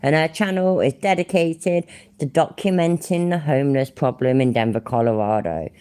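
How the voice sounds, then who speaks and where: A woman with a notably low voice tears into a clip in crude, sarcastic commentary. She swears freely and mocks what she hears. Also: moderate pace, mellow, smooth. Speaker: reaction channel host.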